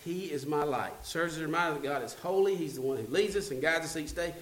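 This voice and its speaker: A pastor with a fairly high voice preaches quickly, trading calls and responses and working up to passionate peaks. The recording, made far back in the church sanctuary, is full of echo.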